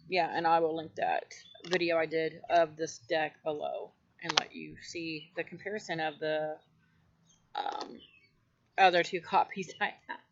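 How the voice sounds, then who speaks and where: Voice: mid-range voice, vocal fry, a bit bright, dull audio, a little hiss or hum. An oracle card collector chatting casually on a vlog while showing off decks, gushing and rambling with lots of fillers and restarts. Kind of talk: casual show-and-tell vlog.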